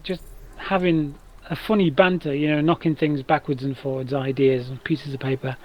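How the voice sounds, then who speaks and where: A man with a rough, damaged voice and a fairly high pitch chats casually as a streamer while gaming. He rambles through long stories, restarting sentences as he goes. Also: fairly even intonation, moderate pace, dull audio, a little hiss or hum. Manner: rambling, chatty storyteller with many restarts.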